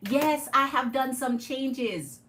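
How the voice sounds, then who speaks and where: Jamaican woman streamer, chatty and laughing, slightly high voice with faint background hum. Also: takes it slowly, fairly bright tone, poor audio. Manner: chatty, greets viewers by name, laughs often. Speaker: tarot reader hosting a live stream. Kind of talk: live stream chat with viewers.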